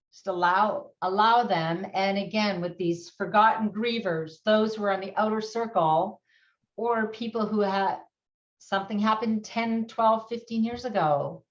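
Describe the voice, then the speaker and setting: A woman's voice: mid-range voice, lo-fi sound. A middle-aged woman, a guest speaking animatedly about grief in an interview, often laughing. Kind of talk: conversational interview.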